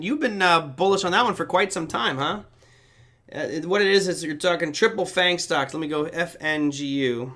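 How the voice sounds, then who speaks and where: A middle-aged German man hosts a live market analysis stream, his voice high-leaning, pushed, and bright. He talks casually, thinking aloud as he works through charts.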